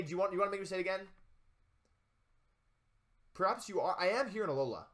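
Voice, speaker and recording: A young man giving casual, chatty commentary while playing a video game, excitable with jokey asides. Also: sits high, fast, pauses often. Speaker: let's play gamer.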